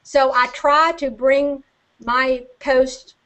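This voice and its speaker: A woman's voice: high voice, level tone, drawn-out words, a bit bright, muffled recording. An older woman chatting as a guest on a video call, chatty and self-deprecating, laughing often. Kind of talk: casual video-call chat.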